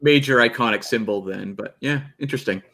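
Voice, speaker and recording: Bright-voiced easygoing male guest. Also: medium pitch, fairly quick. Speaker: podcast guest. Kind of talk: casual podcast chat.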